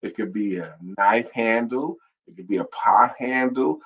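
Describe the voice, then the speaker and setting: A man co-hosting a casual talk show with his wife, a playful, teasing storyteller with a husky voice. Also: mid-range voice, a little slow, dull audio. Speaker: co-host.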